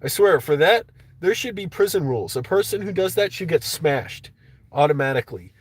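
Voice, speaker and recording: A man's voice: fairly high pitch, lively intonation, a little fast, breathy edge, no room sound. Profane ranting man, dry close sound. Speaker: livestream host. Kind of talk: casual livestream rant.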